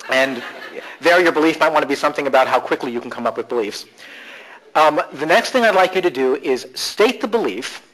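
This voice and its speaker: A man presenting a live conference workshop, animated and playful, shifting his emphasis for effect. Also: fairly high pitch, rough recording.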